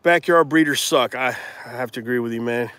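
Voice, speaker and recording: A laid-back man hosts a livestream from his yard, reading comments aloud and answering in easy, rambling talk. His voice sits in an ordinary middle pitch. The sound is close and dry, with little room around it. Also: fairly quick, dry recording. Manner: relaxed, chatty, lots of fillers like man and bro. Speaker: dog breeder hosting a livestream. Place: outdoors in a yard with dogs.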